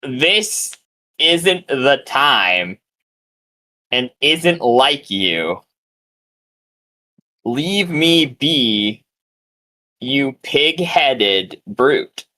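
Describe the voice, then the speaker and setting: A man voicing a gruff, irritable woman who scolds slowly through a magic stone in a tabletop game. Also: mid-range voice, very animated, sharp tone, heavily acted. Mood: irritated. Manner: slow, drawn-out, scolding.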